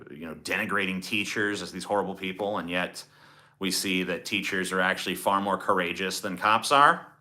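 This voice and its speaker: A man's voice: low-pitched, bright, forceful tone. A man streaming live, chatting in a profane, sarcastic, rambling way as he answers his chat. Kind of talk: casual livestream chat.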